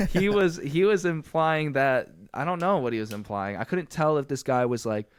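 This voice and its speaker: A man's voice: fairly high pitch, normal speed, clean tone, no echo. A young man hosting a podcast, telling a story in a loose, rambling way full of filler words. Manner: rambling, filler-heavy retelling. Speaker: podcast host. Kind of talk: casual storytelling.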